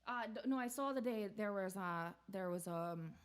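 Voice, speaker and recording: A woman's voice: medium pitch, normal speed, smooth. A woman hosting a live-streamed variety show, chatting casually and bantering in a rambling way.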